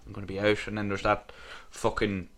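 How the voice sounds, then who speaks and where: A man's voice: lowish voice, completely flat delivery, a little fast, a bit bright. A man co-hosting a podcast, telling rambling, sweary stories in casual chat. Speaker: podcast co-host.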